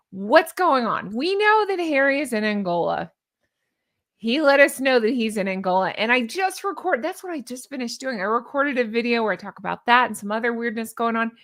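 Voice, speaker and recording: A woman talks straight to camera in a loose, rambling commentary, full of sarcastic asides and scoffing remarks. Her voice sits a little on the high side. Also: creaky, fairly bright tone. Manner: rambling with restarts and laughs. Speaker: commentary vlogger. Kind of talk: casual opinion commentary.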